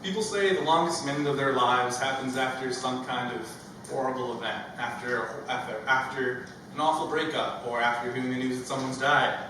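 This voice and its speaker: A young man doing a stand-up comedy set, telling a childhood story with animated acted-out voices. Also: mid-range voice, brisk. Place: stage with a live audience. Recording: echoey stage from far off with audience noise.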